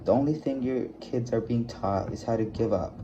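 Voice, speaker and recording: A man reading aloud as an earnest middle-aged male teacher, speaking low and intently on a dull lo-fi recording. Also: moderate pace, background noise, natural voice. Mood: urgent.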